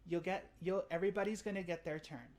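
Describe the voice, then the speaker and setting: A woman's voice: fairly low pitch, fairly even intonation, quick pace, a little mellow, voice pushed up, lightly acted. A woman voicing a harried young male city cadet who keeps placating an impatient person in line. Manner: patient, repetitive placating.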